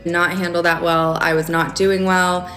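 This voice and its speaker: Wry, low-voiced woman telling a story. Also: level tone, normal speed, fairly bright tone. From United States. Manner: candid, wry, many "like" fillers. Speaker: storyteller on a podcast. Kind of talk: casual storytime chat.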